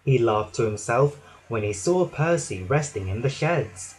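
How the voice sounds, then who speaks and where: A man narrating a children's storybook with an expressive, dramatic reading. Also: medium pitch, unhurried, husky.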